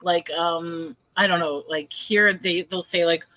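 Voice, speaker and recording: Bright, lively woman hosting a chat. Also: on the low side, unhurried, no room sound, poor audio. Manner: animated storyteller, laughs often. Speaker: host. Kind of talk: casual chat on a live stream. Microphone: video call.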